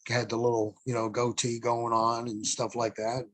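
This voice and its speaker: A man's voice: mid-range voice, completely flat delivery, moderate pace, a bit bright, no echo. A middle-aged man, a former wrestler, telling rambling stories as a podcast guest, with frequent fillers and some cursing. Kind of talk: casual storytelling interview.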